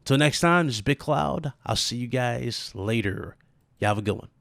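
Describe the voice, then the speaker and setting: A man's voice: mid-range voice, lively intonation, normal speed, vocal fry, fairly bright tone, no echo, clean studio sound. A man hosting his own gaming channel, talking casually and animatedly straight to his viewers, with plenty of asides and fillers. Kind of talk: casual gaming commentary vlog.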